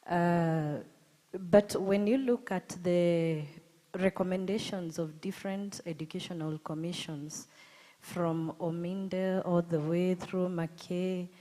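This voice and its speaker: A Kenyan woman in the audience giving a measured, formal comment at a university conference. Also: lowish voice, steady tone, warm tone. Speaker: audience member asking a question. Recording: long reverb of a conference hall.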